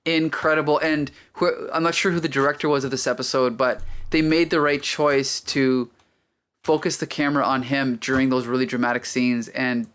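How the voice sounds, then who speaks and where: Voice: medium pitch, level tone, moderate pace, fairly bright tone. A podcast host talking casually and with enthusiasm about a TV episode, often laughing.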